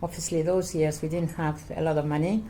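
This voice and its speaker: An older woman from Cyprus, Greek her first language, telling her life story in an oral history interview in halting, repetitive English. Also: low voice, steady tone, dark tone, a little hiss or hum. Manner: halting, repetitive non-native English, earnest.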